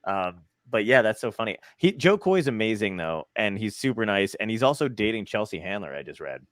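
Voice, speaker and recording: A man's voice: on the low side, sing-song, a little fast, fairly bright tone, no echo, clean studio sound. A man hosting a podcast in casual chat, rambling, laughing easily and swearing often. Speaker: podcast host.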